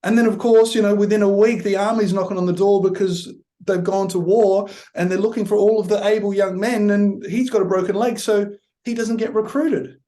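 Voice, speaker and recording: Mellow-voiced man, thoughtful. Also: sits high, steady tone. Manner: thoughtful, storytelling, unhurried. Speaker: guest, transformational coach. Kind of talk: reflective podcast conversation.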